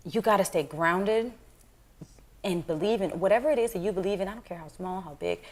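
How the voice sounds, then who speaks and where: A young woman comedian in a casual interview, telling animated, frank stories and switching into the voices of people she quotes. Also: on the low side. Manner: frank, swears casually, laughs often.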